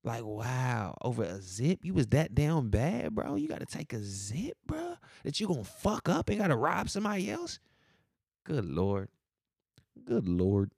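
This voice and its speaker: A man hosting a casual podcast. He rants about his city and pitches himself as a real estate agent, in a profane, slangy and emphatic way. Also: huge pitch swings, measured pace, creaky, a little mellow, slightly rough, dry recording, studio quality.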